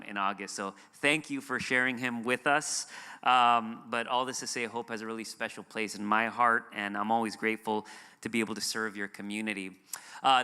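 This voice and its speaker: A man from the United States preaches as a guest pastor, telling stories in a relaxed, filler-heavy way. His voice is bright and crisp. It rings out with a long church-hall reverb. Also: medium pitch. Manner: conversational storytelling with fillers. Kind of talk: sermon. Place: church sanctuary.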